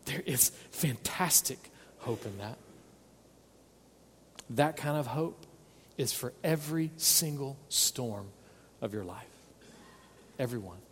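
A man's voice: medium pitch, animated, slow, pauses often, a bit bright, in a large hall, a little hiss or hum. A man preaching a sermon as pastor, earnest and pleading, stressing points by repeating words. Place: church sanctuary.

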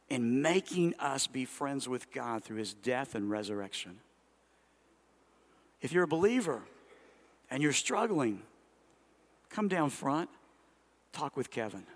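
A man preaching a sermon as a pastor, swinging between loud and soft and slowing down for emphasis. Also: fairly high pitch.

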